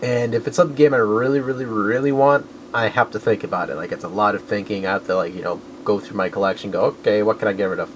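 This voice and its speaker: A man's voice: fairly low pitch, fairly even intonation, fast talker, hardly any pauses, a little hiss or hum, rough recording. A man rambling casually in a vlog about his collecting finds, correcting himself often and dropping crude jokes. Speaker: video game collector vlogger.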